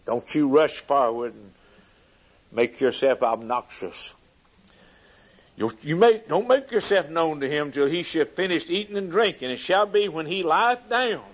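A man preaching a sermon with fervent delivery, swinging from loud emphasis to hushed lines. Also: fairly high pitch, animated, a little slow, rough recording.

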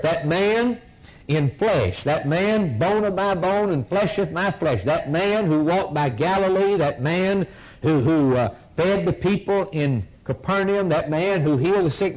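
A man preaching a fiery sermon, repeating phrases in waves and swinging from shouts down to near whispers. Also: on the high side, rough recording.

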